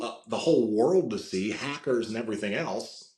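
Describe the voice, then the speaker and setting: A man with a raspy voice, chatting casually as a podcast guest and telling animated stories with a lot of swearing. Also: on the low side, normal speed. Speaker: guest, voice impressionist. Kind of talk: casual interview chat. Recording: roomy echo.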